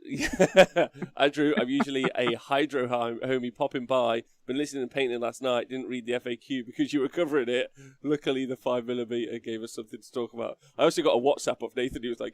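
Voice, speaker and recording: Gravelly podcast host, chatty. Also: male voice, mid-range voice, brisk, few pauses, no echo. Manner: chatty, laughs often, reads chat aloud. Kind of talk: casual livestream chat.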